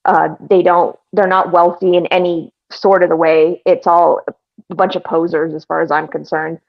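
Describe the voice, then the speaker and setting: A woman's voice: on the low side, little pitch movement, normal speed, creaky, highs cut off. A woman on a panel giving a hesitant but dismissive opinion in casual commentary.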